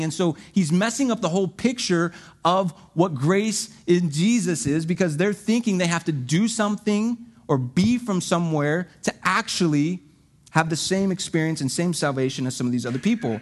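A man preaching with a slightly higher voice. He reads verses with drama, then explains them in a relaxed, chatty way with little jokes. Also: moderate pace. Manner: conversational, joking asides, dramatic readings of scripture. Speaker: pastor. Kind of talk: sermon.

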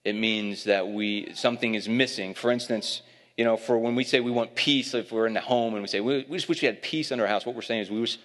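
Animated man preaching in a reverberant hall. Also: medium pitch, a little fast. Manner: storytelling, animated, laughing at his own stories. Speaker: pastor. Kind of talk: sermon.

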